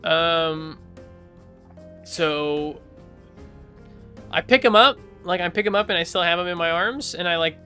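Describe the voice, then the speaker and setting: An eager man plays his character in a tabletop game, his voice bright and forceful and a little high. He rambles and restarts a lot while faint music plays. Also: unhurried, pauses often, smooth. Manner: eager, rambling with many likes. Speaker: player.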